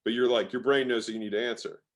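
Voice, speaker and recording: A man's voice: mid-range voice, steady tone, fast talker. A man speaking as an interview guest in a casual, emphatic way, swearing now and then and using lots of "like" fillers. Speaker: guest, sales expert.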